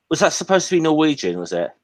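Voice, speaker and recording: A man chatting casually, his pitch rising and falling in a lively way. He talks hesitantly, with repeated false starts, and apologises as he goes. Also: a little fast. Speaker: guest on a casual online chat. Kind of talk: casual chat.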